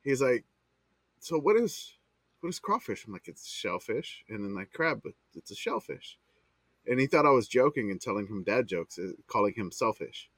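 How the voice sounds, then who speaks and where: A man's voice: fairly low pitch, lively intonation, moderate pace, fairly bright tone, no room sound. A man co-hosting a casual podcast, playful and telling stories about being a dad. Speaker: podcast co-host.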